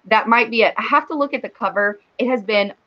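A woman's voice: fairly high pitch, fast, muffled recording. A woman hosting a casual livestream chat, reading viewer comments aloud and laughing often. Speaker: livestream host.

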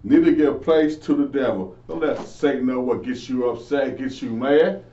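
A man's voice: medium pitch, normal speed, dark tone. Earnest man teaching the Bible, echoey. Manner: earnest, preachy, asks and answers himself. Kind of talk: informal Bible lesson. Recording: echoey, distant, dull lo-fi.

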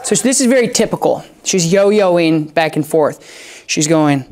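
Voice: medium pitch, expressive, moderate pace. Casting: a dog trainer, casual and emphatic, talks in repeated punchy phrases. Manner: talks to the dog in soft whispers between explanations. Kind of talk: casual instructional talk.

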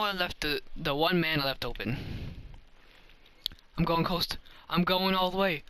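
Man, hyped gameplay commentary, bright tense voice, slightly high, playful trash talk, sudden yelps. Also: moderate pace, long pauses. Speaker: gamer and commentator.

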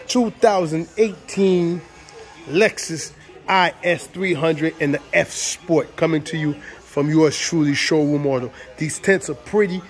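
A man with a fairly high voice runs through a casual sales walkaround outdoors on a car lot. His patter is playful and pumped up, and he keeps circling back to the same catchphrases. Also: unhurried. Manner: hyped, playful salesman patter with lots of repetition. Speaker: used car dealer.

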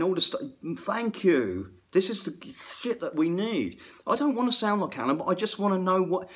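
Rambling middle-aged man vlogging music theory. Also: a little high. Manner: rambling, excitable, self-interrupting. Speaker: guitar tech and aspiring guitar teacher. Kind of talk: casual music theory vlog to camera. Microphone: phone camera.

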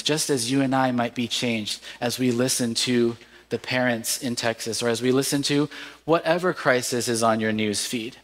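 A pastor preaching a sermon in an earnest, measured way, with cries of lament now and then. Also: male voice, mid-range voice. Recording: long hall reverb.

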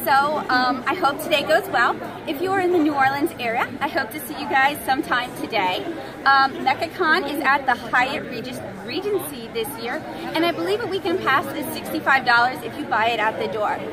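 Her voice high and brisk, a tired woman comic artist gives a chatty, candid vlog recap, peppered with "um," from her artist alley table. She's at an indoor anime convention, and the echoey hall picks up a faint crowd.

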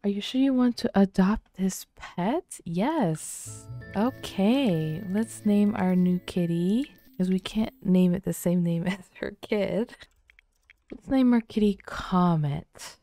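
A woman hosting a game playthrough, giving casual commentary in a soft-spoken way that drifts into whispers. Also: mid-range voice, takes it slowly, faint music behind. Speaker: let's play host.

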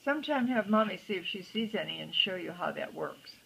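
An older woman reading a picture book aloud to a child, with gentle chatty asides and a husky voice. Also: on the low side, expressive, brisk, low-quality recording. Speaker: storyteller grandmother.

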